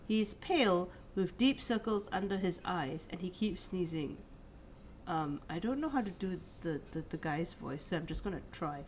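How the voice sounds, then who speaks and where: A woman's voice: lowish voice, expressive, moderate pace, a little hiss or hum. A woman streaming a story game, reading its text aloud and chatting with self-deprecating humour. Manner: chatty, laughs at herself.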